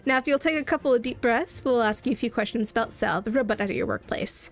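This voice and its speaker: A woman voicing a male robot detective in a game, asking calm, measured questions. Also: a little high, soft background music, natural voice. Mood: stern.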